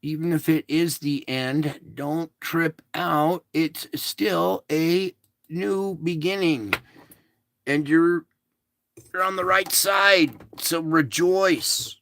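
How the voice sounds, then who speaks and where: Slow, soothing male show host. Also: on the high side, fairly even intonation, creaky, a bit bright, no echo. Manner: slow, soothing and repetitive reassurance. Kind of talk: casual spiritual livestream talk.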